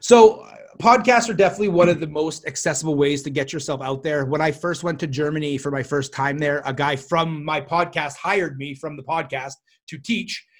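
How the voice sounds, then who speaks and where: A man guesting on a podcast, talking in a chatty, animated way and swearing casually. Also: fairly high pitch, fairly quick. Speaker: guest, self-defense instructor.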